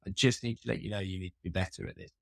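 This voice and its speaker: A man's voice: deep voice, steady tone, racing, gravelly, a bit bright, dry recording, studio quality. A man, a customer experience expert, chatting as a podcast guest and telling wry, self-mocking stories. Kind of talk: casual interview conversation.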